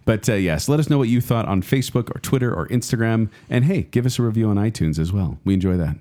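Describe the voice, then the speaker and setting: A man's voice: fairly low pitch, fast. A middle-aged man co-hosting a podcast, telling a spooky story and chatting casually. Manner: dramatic hushed storytelling, then lively chat. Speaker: podcast co-host.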